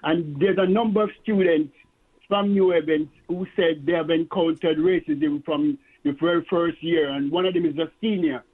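A male caller on a radio talk show who speaks haltingly, tripping over repeated words. His somewhat husky voice comes through a narrow, tinny phone line. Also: on the high side, steady tone.

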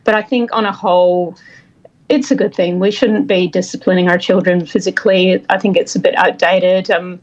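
A woman's voice: lowish voice, steady tone, normal speed. Scottish-Australian woman calling in from her kitchen. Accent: Scottish mixed with Australian. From Scotland. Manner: easygoing, thoughtful, dry humour. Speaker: podcast guest. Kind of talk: casual podcast chat. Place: home kitchen. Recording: dull, echoey kitchen line.

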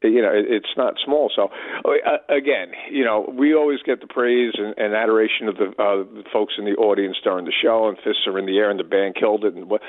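Fast-talking man on a tinny phone line. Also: fairly low pitch, steady tone. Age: 60s. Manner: storytelling, chatty, acts out dialogue. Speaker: touring band member, interview guest. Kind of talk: casual phone interview.

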